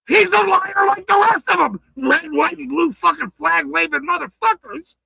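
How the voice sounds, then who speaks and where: An angry man ranting on his livestream, swearing hard, stammering and shouting. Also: extremely high pitch, normal speed, vocal fry, few pauses, no echo, rough recording. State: furious.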